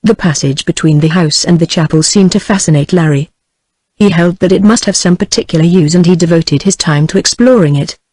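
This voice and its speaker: A woman's voice: lowish voice, brisk, a little mellow, breathy edge, dry recording. Synthetic British woman reading a novel. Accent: British English. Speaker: narrator. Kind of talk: text-to-speech audiobook narration.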